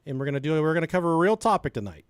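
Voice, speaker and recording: A middle-aged man co-hosting a crude comedy podcast, joking loudly and rambling through stories. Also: a little high, big pitch swings, very fast, clean tone, no echo, clean studio sound. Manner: rowdy, joking, breaks into song and mock voices. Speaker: podcast co-host.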